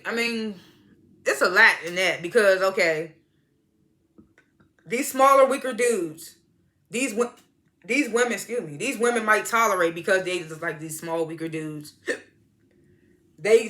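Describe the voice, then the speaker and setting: A woman's voice: mid-range voice, a little slow, pauses often, pushed and bright. A woman chatting through a recap of a TV episode, retelling the scenes in quoted voices and laughing often. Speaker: TV show reviewer. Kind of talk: casual recap and review.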